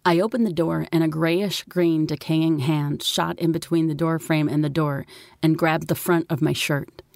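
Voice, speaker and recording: Woman narrating an audiobook, gravelly voice, kinda wry, super dry close sound. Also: deep voice, steady tone, normal speed, darkish tone, no room sound. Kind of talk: first-person audiobook narration.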